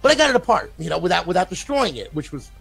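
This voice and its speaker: A man's voice: sits high, sing-song, very fast, gravelly, over music. An older man, a console modder, telling a long story in a casual, rambling way, often repeating his words and swearing.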